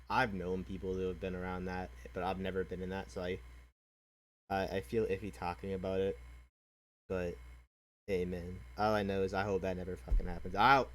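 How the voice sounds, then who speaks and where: Brief: young male reaction host, low voice, earnest and hesitant, curses a lot, faint background hiss. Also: poor audio. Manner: halting, earnest, swears often. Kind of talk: casual reaction commentary.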